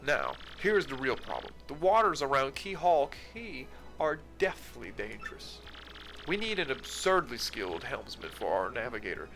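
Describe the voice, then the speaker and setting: A man's voice: medium pitch, big pitch swings, moderate pace, vocal fry, a bit bright, faint music behind. A man voicing a boastful, vain male explorer with a fancy accent, talking in a pompous, grandiose way. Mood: fussy.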